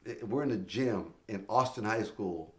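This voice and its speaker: A middle-aged man with a fairly low, darkish voice talks at a moderate pace. He's a stand-up comedian guesting on a podcast, telling casual stories, acting out the voices he quotes and swearing freely.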